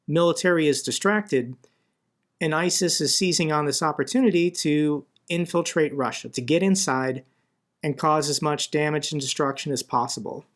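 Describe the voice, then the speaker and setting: A man from the United States giving blunt, conversational commentary on the news, growing more indignant as he argues. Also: on the high side. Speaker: political commentator. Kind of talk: casual commentary video.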